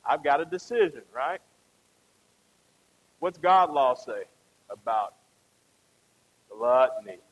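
A man's voice: mid-range voice, animated, takes it slowly, long pauses, highs cut off. A man preaching a conversational sermon, often asking the congregation questions and tagging them with "right?".

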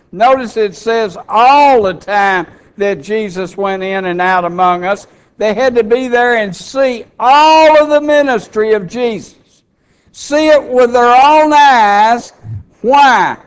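A man's voice: high voice, smooth. A man preaching an expository sermon, reading scripture aloud and explaining it to his congregation. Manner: teaching, reads scripture aloud, asks the crowd questions.

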